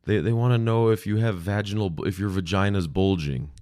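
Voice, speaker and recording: A man's voice: on the low side, brisk, darkish tone, no echo, studio quality, voice pushed up, natural voice. A man voicing an earnest, cooperative little girl relaying questions over the phone.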